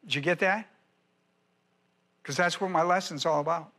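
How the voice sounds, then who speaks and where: A man's voice: fairly high pitch, normal speed, pushed and bright. A male pastor teaching a Bible lesson verse by verse, emphatic and repeating key phrases as he quizzes his listeners.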